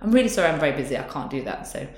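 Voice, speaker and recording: A candid, chatty woman in her thirties, talking in a low voice. She speaks openly and laughs easily. The sound is roomy and echoing. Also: very animated, racing. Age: 30s. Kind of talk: casual chat. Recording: roomy echo.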